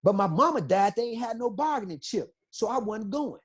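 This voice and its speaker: A man's voice: high-pitched, expressive, a little fast, husky. A middle-aged man, a guest on an interview podcast, telling his story in an emphatic, repetitive, impassioned way.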